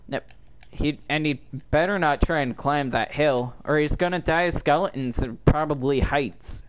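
A man's voice: a little high, moderate pace, smooth. A young man casually joking with a friend while gaming. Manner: teasing, sings made-up lines. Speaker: gamer. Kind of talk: casual gameplay banter. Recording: noisy home recording.

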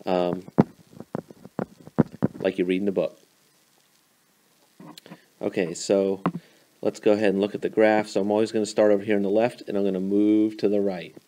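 A man's voice: lowish voice, level tone, moderate pace, long pauses, dark tone, a little hiss or hum. A man teaching math, explaining a graph in a casual, informal way with a few fillers. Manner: informal, fillers, playful sound effects.

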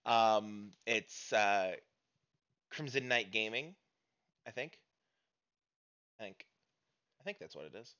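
A man's voice: fairly low pitch, slow, pauses often, sharp tone, clean tone, muffled recording. An American man in a casual stream outro chat, rambling and hesitant with many fillers.

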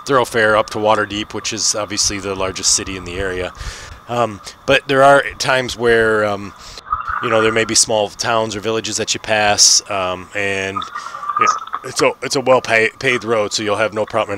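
A male game master narrating a tabletop session over a home mic, his voice a bit low and bright-edged. He rambles through the scene with frequent ums and uhs. Light hiss sits under the voice. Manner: rambling, many fillers.

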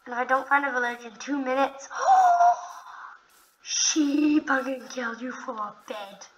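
A young woman casually narrating her own video game play, excitable, often gasping and talking to the animals on screen. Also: high-pitched, normal speed, rough recording. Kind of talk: casual gameplay commentary.

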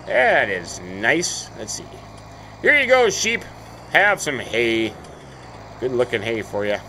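A chatty man gives casual gameplay commentary, thinking aloud as he goes. His pitch swings widely from low mutters to high surprised exclamations. A faint noise sits behind his voice. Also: very animated, slow pace, pushed and bright, poor audio. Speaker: let's play host.

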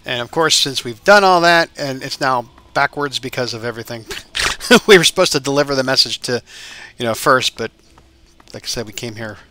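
A man talking through a video game session in a casual, rambling way, thinking out loud and stopping to restart his sentences. His voice has a bright, forward tone at an ordinary middle pitch. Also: animated, moderate pace, slight background noise. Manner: rambling, thinks aloud with many fillers. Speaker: gaming YouTuber. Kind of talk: let's play commentary.

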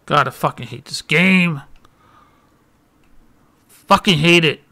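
A man talks over his gameplay, angry and cursing through every line. His voice sits a little high and sounds bright and edgy. A faint noise runs under the recording. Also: slow. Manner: frustrated, swearing constantly, muttering. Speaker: gaming channel host. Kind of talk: let's play commentary.

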